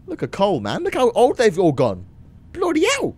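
A young man giving excitable let's play commentary, laughing and swearing. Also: high voice, moderate pace, husky. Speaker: gaming channel host.

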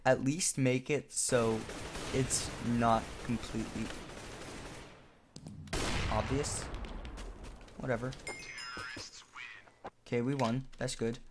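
A man giving casual commentary over his own shooter match, chatty and self-deprecating, with sudden excited outbursts. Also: mid-range voice, a little slow, long pauses. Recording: noisy home recording with background hiss. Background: keyboard clicks and in-game gunfire.

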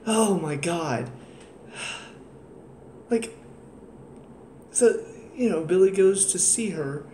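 This TV reviewer's voice is a little high and slightly mellow, and he talks slowly with frequent pauses. Weary and exasperated, he rants about an episode in a casual review full of sarcastic asides, recorded with roomy echo, faint ambience, and slight hiss or hum.

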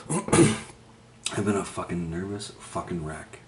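Man, low voice, profane, rambling monologue, laughs often, faint background hiss. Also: slow pace, darkish tone. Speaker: vlogger.

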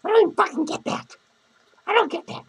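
A man's voice: extremely high pitch, quick pace, fairly bright tone, low-quality recording. A man playing a foul-mouthed, lonely, hungover female clown who rambles crudely, curses and cackles in a comedic character monologue. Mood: ranting. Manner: crude, rambling rants full of cursing and cackling laughs.

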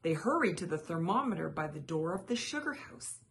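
A woman reading a children's picture book aloud as a channel host, with lively, expressive storytelling. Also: fairly low pitch, a little fast, a little hiss or hum.

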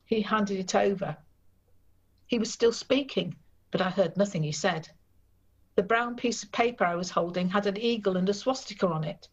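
A woman novelist reading from her book and talking about it in an interview, steady and measured, in a dull recording. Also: mid-range voice, slightly rough. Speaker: novelist guest. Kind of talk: reading aloud then interview.

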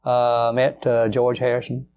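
Older guy telling old road stories, folksy, lots of uhs, gravelly voice. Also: mid-range voice, monotone, a little slow, a little mellow. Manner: rambling, folksy, many fillers. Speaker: guitarist guest. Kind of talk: storytelling interview.

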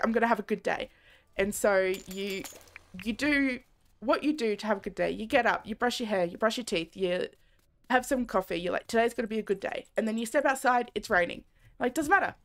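A young woman talks freely while streaming a game, her slightly high voice soft and meandering, often breaking into little laughs. Faint game music plays underneath her. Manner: rambling, candid, soft-spoken, laughs often. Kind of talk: casual live-stream chat while gaming.

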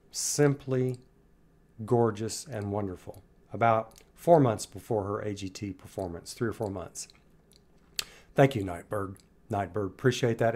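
A man's voice: on the low side, a little mellow. A man hosting a music reaction, talking in an earnest, effusive way and repeating his phrases for emphasis. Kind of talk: casual reaction commentary.

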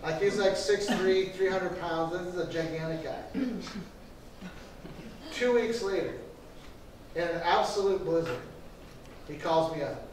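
Storytelling pastor in an echoey church. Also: male voice, high voice, measured pace, pauses often, slight background noise. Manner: storytelling, animated quoted voices. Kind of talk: sermon to a church class. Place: church classroom. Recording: echoey room from far off.

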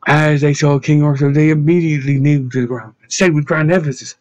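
A man narrating an audiobook in a steady reading voice, giving the characters their own voices. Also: on the high side, fast, no echo. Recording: dull lo-fi dry sound.

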